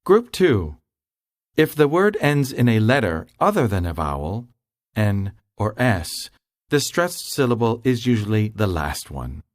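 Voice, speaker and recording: A man giving scripted, measured explanations as a language instructor. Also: on the low side, very animated, no echo, studio quality.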